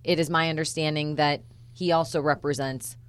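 A woman reporter co-hosting a true-crime podcast, laying out facts in a measured, methodical way. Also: deep voice, steady tone, no room sound. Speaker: reporter and co-host.

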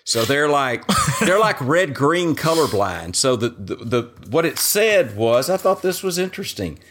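A man talks in a lively, swooping voice on a casual podcast. He rambles through a story, laughing partway through his sentences. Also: mid-range voice, measured pace. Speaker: podcast co-host.

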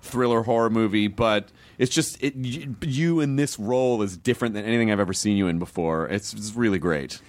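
A man's voice: fairly low pitch, a little fast, hardly any pauses, no echo. A man with an American accent hosting a podcast, joking and enthusiastic. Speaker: podcast host. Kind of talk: casual chat.

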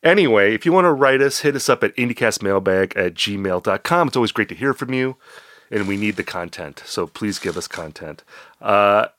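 Guy with a bright tense voice, dry close mic, wry casual podcast banter. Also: lowish voice, animated, moderate pace, no echo. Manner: wry, self-deprecating humor. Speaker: podcast co-host.

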